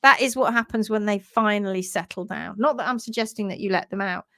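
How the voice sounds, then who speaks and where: A woman hosting a casual live stream about horse care, chatting and reading out viewer comments in a lively, animated way. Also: medium pitch, brisk, no echo, studio quality. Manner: chatty and animated, laughs easily, acts out quotes in funny voices.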